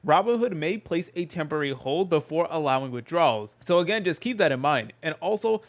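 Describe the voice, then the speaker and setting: A man hosts a casual how-to tutorial voice-over, rushing through each step at a brisk clip. His voice sits a little high, and he leans on fillers as he explains. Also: animated. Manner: rapid, filler-heavy explaining. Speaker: tutorial host.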